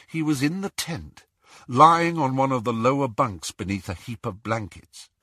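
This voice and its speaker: A man narrating an audiobook with slow, dramatic delivery. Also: mid-range voice, sharp tone, dry recording, clean studio sound.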